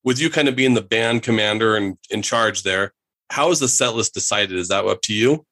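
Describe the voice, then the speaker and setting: A man's voice: lowish voice, moderate pace, pushed and bright. A man interviewing a musician, friendly and admiring, speaking as a longtime fan. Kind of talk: casual interview questions.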